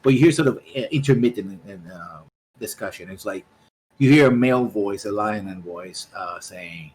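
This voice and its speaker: A man's voice: lowish voice, normal speed, darkish tone, husky, poor audio. A man running a tabletop game, describing scenes in a rambling way with many restarts. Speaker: game master.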